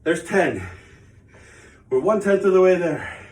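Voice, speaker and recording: A breathless man chats in a rambling, self-mocking way while he works out. His voice sits a bit high for a man. It comes from some distance in an echoey home studio. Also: sing-song, measured pace, slight background noise. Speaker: channel host. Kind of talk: casual vlog talk while exercising. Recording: echoey room, away from the mic.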